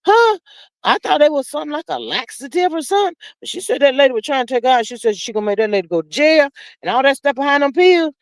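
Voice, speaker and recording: A woman's voice: sits high, sing-song, no echo. A woman hosting a live stream, chatting casually and reading out comments in a sassy, folksy way, calling listeners child and honey. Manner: drawn-out fillers, laughs often.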